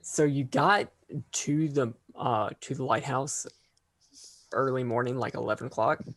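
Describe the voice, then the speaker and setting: A man's voice: mid-range voice, measured pace, a bit bright, no room sound. A man narrating as game master for a tabletop game, hesitant and full of fillers.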